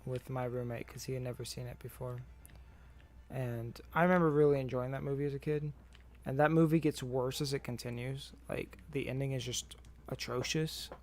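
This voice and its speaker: A young adult man streaming a video game, tired and rambling, with profane deadpan grumbling. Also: mid-range voice, normal speed. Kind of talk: casual gameplay commentary.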